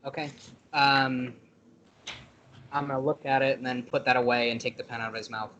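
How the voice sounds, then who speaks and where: A man's voice: mid-range voice, fairly even intonation, normal speed, a bit bright, lo-fi sound, slight background noise. A man playing a tabletop game, describing his character's actions with profane, detailed narration. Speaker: player.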